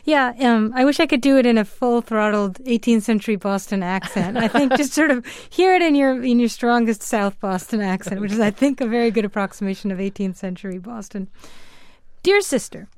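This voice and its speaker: A woman historian talks as a studio guest on a radio interview, animated and quick to laugh. Her voice is fairly high, and the recording is dry and close. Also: clean tone, dry recording.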